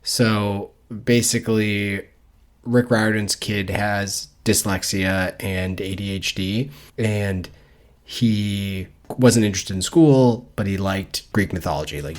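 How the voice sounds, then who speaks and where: A man co-hosting a casual book-club podcast, rambling, swearing freely and laughing often. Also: deep voice. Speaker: podcast co-host.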